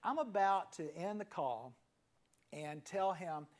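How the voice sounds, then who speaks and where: A man in his fifties preaching a sermon as a pastor, telling a story in a conversational way and letting key phrases sink to a hushed near-whisper after pauses. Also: high-pitched, lively intonation. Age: 50s.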